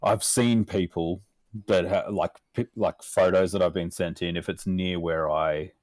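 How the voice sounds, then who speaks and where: A young Australian man talks on a podcast in a very low, gravelly-deep register, recorded close and dry. He chats loosely, laughs a lot, swears constantly and keeps stopping to restart his sentences. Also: fairly even intonation, a little slow, a little mellow, no echo. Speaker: podcast guest, meme page runner. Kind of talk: casual chat.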